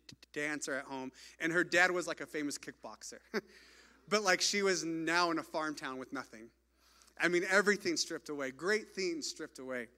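Man, slightly high voice, story told from a stage, chatty, lots of restarts. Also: bright, forceful tone. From United States. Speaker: speaker sharing a mission trip story. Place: stage in front of an audience.

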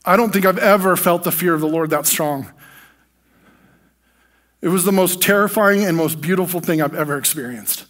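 A man's voice: high voice, normal speed, pauses often, fairly bright tone. An American man preaching from the pulpit, telling a personal testimony in an earnest, emotional way.

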